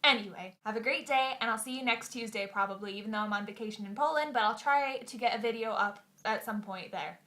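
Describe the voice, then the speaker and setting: A woman's voice: on the high side, quick pace, hardly any pauses, bright, forceful tone. A young woman chatting casually to her camera, telling stories in a chatty, self-mocking way. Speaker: vlogger. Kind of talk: casual vlog storytelling.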